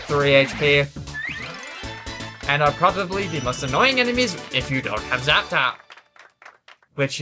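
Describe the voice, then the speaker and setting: Man, exhausted, worn voice, casual gameplay commentary, rambling, swears, faint game music. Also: fairly high pitch. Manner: rambling, swears, self-correcting. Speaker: let's play commentator.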